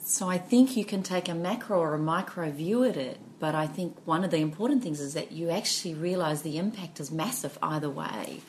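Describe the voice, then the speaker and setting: A woman's voice: deep voice, brisk, few pauses, darkish tone, a little hiss or hum. A woman co-hosting a podcast in casual chat, reflective and storytelling, with many fillers. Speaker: podcast co-host.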